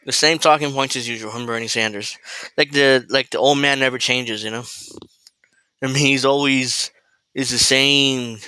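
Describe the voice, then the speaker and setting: A man's voice: medium pitch, bright, forceful tone, clean tone, no room sound. A man hosting a casual political commentary livestream from home, talking in a rambling, sardonic way and swearing freely. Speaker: host. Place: at home, cooking while streaming.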